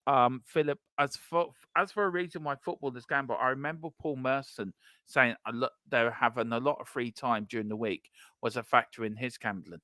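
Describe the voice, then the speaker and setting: A man's voice: medium pitch, fairly even intonation, a little fast, pushed and bright, dry recording. A man co-hosting a casual fan podcast, joking and reading out listener comments. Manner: jokey, reads out listener comments. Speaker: podcast co-host.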